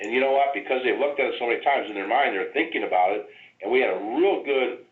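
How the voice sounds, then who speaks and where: A man's voice: medium pitch, fast talker, echoey room. Rambling man on a tinny phone line. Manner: rambling, many restarts and fillers. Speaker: host of a member call. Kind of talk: casual business talk.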